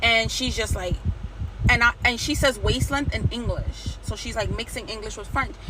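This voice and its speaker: A woman's voice: on the high side, normal speed, background noise. A woman from Nigeria telling a story in a blunt, profane rant, acting out the lines of the people in it. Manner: blunt, profane, animated retelling with quoted dialogue.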